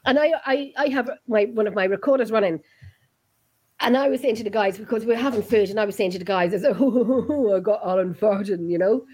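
Husky, giggly woman co-host. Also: mid-range voice, brisk, a little mellow, low-quality recording. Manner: giggly, exclaims often. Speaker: podcast co-host. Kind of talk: casual chat.

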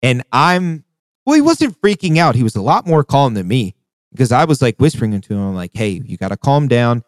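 Male podcast host, casual and profane, mid-pitch voice, dry close mic, animated storyteller. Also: a little fast, dry recording. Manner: profane, animated retelling with acted quotes.

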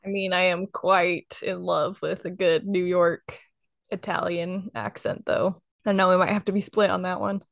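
A woman's voice: on the low side, flat delivery, gravelly, no room sound, clean studio sound. A young woman hosting a podcast, chatting casually and laughing often. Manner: giggly, chatty, quick laughs. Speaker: podcast host.

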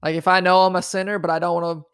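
A man's voice: high-pitched, flat delivery, very fast, fairly bright tone, clean tone, no echo, clean studio sound. A man co-hosting a podcast, talking earnestly and casually about faith, often tagging thoughts with "right?". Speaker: podcast co-host.

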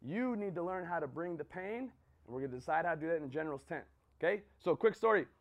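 A man's voice: on the high side, animated, fast, lo-fi sound. A man giving a motivational talk to a group, telling a story and checking in with "right?" and "okay?". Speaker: motivational speaker.

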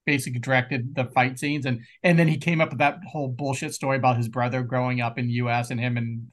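A man's voice: medium pitch, level tone, fast talker. A man co-hosting a movie-review podcast, joking around in casual chat and laughing a lot. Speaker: podcast co-host.

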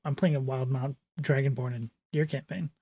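A man co-hosting a laid-back tabletop-game podcast, trailing off and teasing himself now and then. His voice is husky, recorded dry and close with no room sound. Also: medium pitch, fairly even intonation, brisk, warm tone, no room sound. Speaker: podcast co-host. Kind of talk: casual chat about tabletop games.

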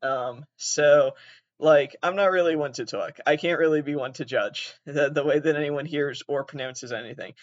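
A man's voice: a little high, normal speed, dry recording, highs cut off. Guy w upper midwest accent rambling on his podcast, swears, laughs at himself, dry close mic. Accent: upper Midwestern / southern Canadian. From southeastern Massachusetts. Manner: rambling, self-deprecating, swears a lot, laughs mid-sentence. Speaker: podcast host. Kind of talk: casual solo podcast chat.

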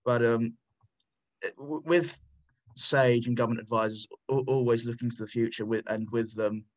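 A man's voice: medium pitch, fairly even intonation, normal speed, rough recording. A man contributing to a political commentary podcast, combative and sardonic, often stumbling and restarting his sentences.

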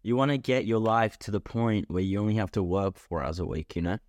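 A man's voice: on the low side, a little fast, darkish tone, no echo, clean studio sound. A young man co-hosting a podcast, joking and rambling in casual chat. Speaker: podcast co-host. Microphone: podcast mic.

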